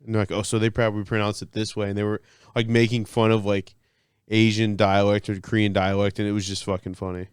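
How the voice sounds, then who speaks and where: A young man co-hosting a podcast, relaxed in casual chat and swearing casually. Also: lowish voice, fast, clean tone, dry recording, studio quality. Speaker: podcast co-host.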